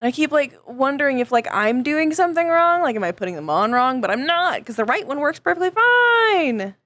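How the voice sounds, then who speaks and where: A woman's voice: sits high, sing-song, brisk, a bit bright, dry recording. A woman streamer venting to her chat in casual talk, frustrated, swearing often and stumbling over restarts.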